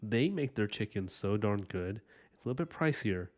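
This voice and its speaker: A man with a fairly low, expressive voice speaks at normal speed as an art livestream host. He chats with viewers in a casual, enthusiastic ramble, frequently saying "like" and "you know."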